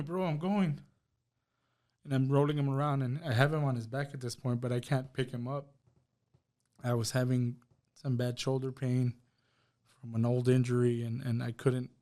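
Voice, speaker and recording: A man tells a raw personal story as a podcast guest and voices each person's words as he goes. His voice is mellow and dark, at a middle pitch. He speaks with heavy emotion throughout. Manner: emotional storytelling, acts out dialogue. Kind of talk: personal testimony.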